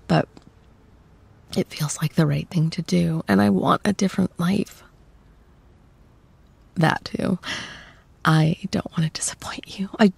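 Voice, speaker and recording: A young woman voicing a tough but tender girlfriend in an intimate audio role-play, speaking softly and often half-whispering to the listener. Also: fairly low pitch, vocal fry, slightly rough, no echo, exaggerated voice. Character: tough reformed bully girlfriend, fiercely protective, tender. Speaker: voice actor.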